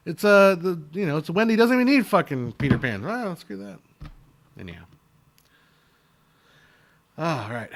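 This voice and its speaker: A man of ordinary pitch chats casually with his viewers, answering their questions. He rambles and goes off on asides. He often stumbles and restarts as he gives his blunt opinions.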